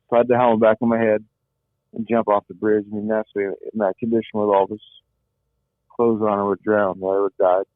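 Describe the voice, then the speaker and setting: The speaker is a middle-aged man with a fairly low voice, appearing as a guest to share a personal survival story in earnest. He frequently repeats himself while hunting for words, and the recording is dry and tinny, like a phone call.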